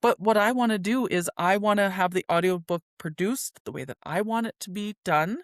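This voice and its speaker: A woman's voice: mid-range voice, a little fast, dry recording, clean studio sound. A woman hosting a solo podcast, talking casually and self-deprecatingly about her writing, with filler words and restarts. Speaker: podcast host and indie author.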